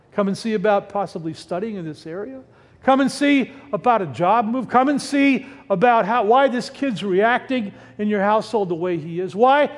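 Male pastor, sermon delivery, high voice with a swooping, lively range; hall reverb. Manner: animated, rhetorical questions, breaks off mid-word. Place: church sanctuary.

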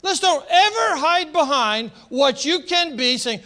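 A man's voice: very high-pitched, lively intonation, unhurried, pushed and bright. A middle-aged man preaching a sermon as pastor, passionate and emphatic, repeating phrases for force.

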